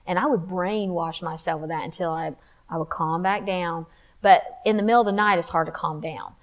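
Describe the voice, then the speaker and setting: A woman's voice: lowish voice, a little fast. A woman speaking at a women's church conference, sharing a personal testimony in a conversational, confiding way with emphatic rises.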